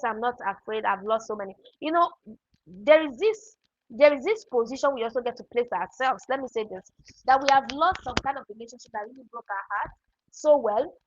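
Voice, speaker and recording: A woman's voice: fairly high pitch, no echo, muffled recording. A woman hosting a live online productivity class, telling stories and answering participants' chat comments by name. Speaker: webinar host and productivity coach. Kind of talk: live online teaching session.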